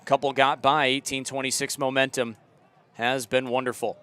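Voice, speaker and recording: A young man calling a live soccer match outdoors, relaxed and chatty, and loud on close chances. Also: mid-range voice, moderate pace, clean tone. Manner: relaxed chatty commentary, rising to loud excited calls. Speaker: play-by-play commentator. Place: outdoor stadium.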